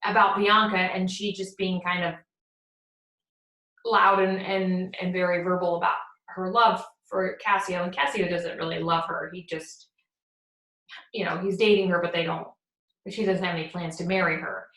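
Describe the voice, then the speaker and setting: A woman's voice: lowish voice, steady tone, normal speed, a bit bright. Woman lecturing in an echoey room. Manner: conversational, reads quoted lines plainly between explanations. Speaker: teacher. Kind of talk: lecture retelling a play.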